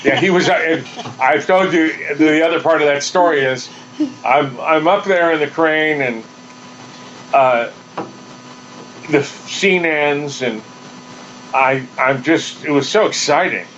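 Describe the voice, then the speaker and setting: Brief: male podcast co-host, casual animated storyteller, faint background noise. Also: fairly high pitch, slow pace, pauses often, highs cut off. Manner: animated, acts out quotes with laughter.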